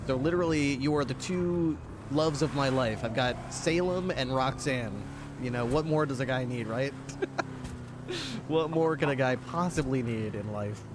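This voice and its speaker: A man's voice: medium pitch, moderate pace. A man roleplaying a police dog handler, chatting to his dog in a doting, chatty way and laughing often. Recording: game ambience and vehicle noise behind.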